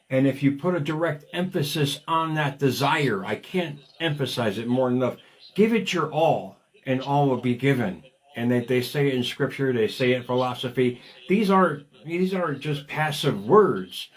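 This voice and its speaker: A man in his fifties hosting a motivational talk show, speaking energetically and digressing, often repeating words as he starts a thought. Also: medium pitch. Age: 50s. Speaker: radio show host.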